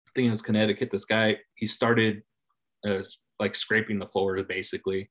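Laid-back low-voiced guy, swears freely. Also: flat delivery, normal speed, fairly bright tone. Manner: laid-back, swears freely, drops his voice at phrase ends. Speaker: podcast guest. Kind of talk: casual chat.

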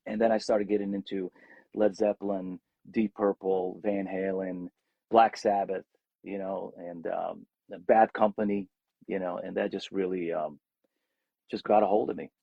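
A man's voice: deep voice, unhurried, vocal fry, no echo, phone-quality sound. A middle-aged man, a rock singer, telling stories from his career in a casual interview and acting out the voices of people in them. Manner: animated storyteller, acts out quotes.

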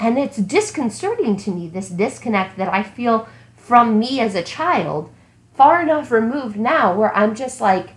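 A woman in casual book discussion, ranting animatedly and acting out what she shouted at the book. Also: fairly high pitch, normal speed, reverberant, rough recording. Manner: animated ranting, acting out her younger self. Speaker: podcast co-host.

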